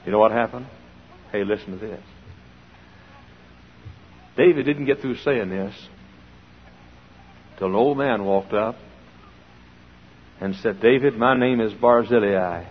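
A man preaching a sermon in a folksy style, full of rhetorical questions, swinging between loud and hushed. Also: lowish voice, unhurried, pauses often, a little hiss or hum. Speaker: pastor. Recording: dull old sermon recording in a large hall.

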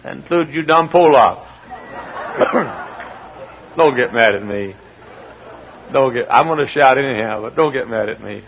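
A middle-aged male pastor preaching a sermon in a large church, swinging from quiet storytelling to loud shouting, with a husky voice. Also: medium pitch, lively intonation, measured pace, long pauses. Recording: dull lo-fi church recording.

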